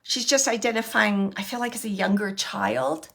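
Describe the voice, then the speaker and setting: A woman medium giving a gentle live reading, passing on messages from a spirit in the first person. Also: fairly high pitch, moderate pace, gravelly.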